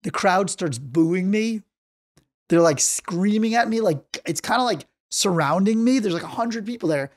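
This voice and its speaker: A man in his thirties co-hosts a podcast and tells a long story in a relaxed, chatty way. He slips into the voices of the people in it as he goes. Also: high voice, normal speed. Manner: animated, acts out the quotes in his story. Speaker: podcast co-host. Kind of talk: casual storytelling.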